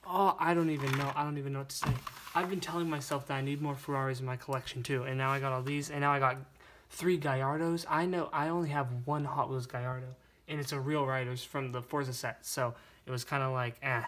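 A young man vlogging as he unboxes toy cars, gushing and stammering with excitement. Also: mid-range voice, fast. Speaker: toy car collector vlogger. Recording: noisy room with crinkling bags.

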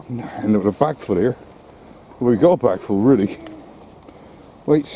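Walking his dog by the windblown coast, a man talks to the animal and casually vlogs to his camera, out of breath as he climbs. He has a warm, mid-range voice, speaks unhurriedly and pauses often, with a plain-spoken style. Wind noise comes through on the outdoor mic.

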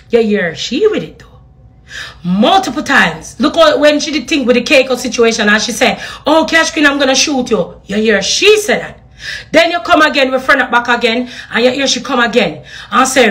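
Jamaican woman, high voice, heated live-stream rant, patois and cursing. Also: sharp tone. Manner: ranting, repeated rhetorical questions; patois slang and profanity. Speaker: social media personality.

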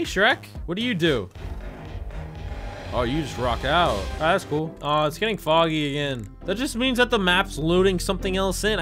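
A young man doing excitable, jokey commentary over a video game, reacting loudly and often shouting at what happens on screen. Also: on the high side. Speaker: gaming YouTuber. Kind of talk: let's play commentary. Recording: faint game music behind.

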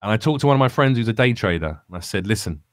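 A man's voice: lowish voice, animated, very fast, no echo, clean studio sound. Earnest man. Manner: earnest, reflective, rambling with restarts. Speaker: comedian guest. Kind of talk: candid podcast conversation.

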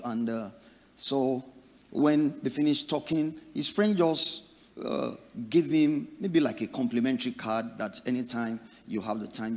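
A middle-aged Nigerian man preaching a sermon, telling stories and acting out the people in them with sudden loud bursts. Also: mid-range voice. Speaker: pastor. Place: church. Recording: long reverb of a church hall.

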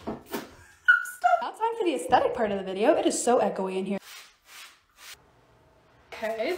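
A young woman vlogger narrating her organizing and decorating clips in a quick, chatty voice-over. Her voice sits high and leaps around animatedly, playful and self-mocking. A faint hiss runs under the close phone mic. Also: darkish tone. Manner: chatty, bubbly, self-deprecating. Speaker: lifestyle vlogger.

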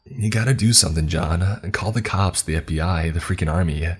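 A man's voice: sits low, brisk, breathy edge. A man narrating a horror story voices a frightened young woman friend, alarmed and pleading.

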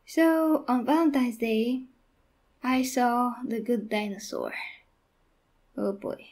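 A young woman casually talking through a movie review on her channel, halting and restarting her sentences as she goes. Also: a little high, expressive, a little mellow. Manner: halting, with frequent restarts and fillers.

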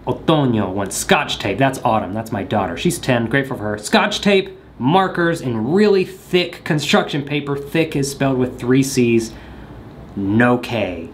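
Young guy vlogger with a lively, bouncing voice, goofy and jokey, faint room hum behind. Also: mid-range voice, a little slow. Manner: goofy, joking, talks to the camera. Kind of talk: rambling comedic monologue.

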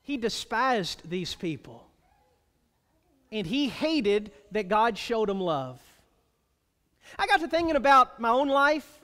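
High-voiced, lively preacher in a reverberant church. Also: male voice. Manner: emphatic, stretching key phrases slowly. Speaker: pastor. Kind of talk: sermon. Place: church sanctuary. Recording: long reverb of a church hall.

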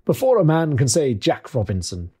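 A man's voice: medium pitch, wildly swooping pitch, normal speed, slightly rough. A man voicing a jovial, fat old merchant who calls out heartily. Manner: loud, hearty calling out.

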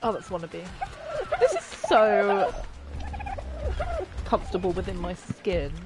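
A woman hosting a casual gameplay chat, excitable and gushing, with frequent gasps and squeals. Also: mid-range voice, slow, very noisy. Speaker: gaming channel host.

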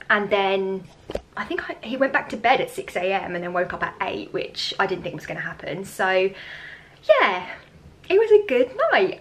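A young woman chatting to her camera in her home kitchen, croaky and tired, rambling with easy laughs. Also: medium pitch, fairly bright tone. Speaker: vlogger. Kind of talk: casual vlog chat to camera.

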